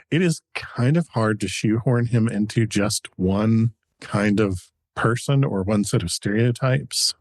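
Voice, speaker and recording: Husky man telling a history story. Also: lowish voice, takes it slowly, no room sound. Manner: chatty researched storytelling, frequent chuckles. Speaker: podcast co-host. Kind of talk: casual history podcast storytelling.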